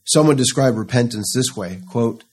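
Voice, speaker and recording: A man's voice: medium pitch, moderate pace, a little mellow, breathy edge. A man preaching a sermon, reading scripture in an earnest, pleading way.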